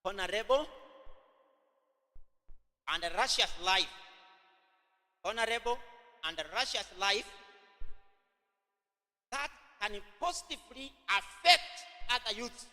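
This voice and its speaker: High, bright-voiced Kenyan preacher in a hall. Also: male voice, animated. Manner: repeats phrases slowly for note-taking, mixes in Swahili. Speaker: preacher teaching at a youth camp. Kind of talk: teaching sermon dictated as notes.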